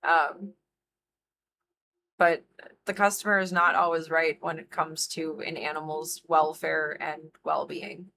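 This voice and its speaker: A woman's voice: sits low, flat delivery, a little slow, creaky, pushed and bright. A young woman streamer venting in a casual monologue to her chat, earnest and heated, full of "like" fillers and the odd swear.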